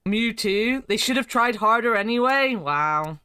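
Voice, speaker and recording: A woman streamer talks her way through an adventure game in a relaxed, joking manner, with a hoarse morning edge. Her voice is bright and clear and swoops lively up and down. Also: fairly high pitch, a little slow, dry recording, studio quality. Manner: chatty, joking, swears casually. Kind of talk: casual gameplay commentary.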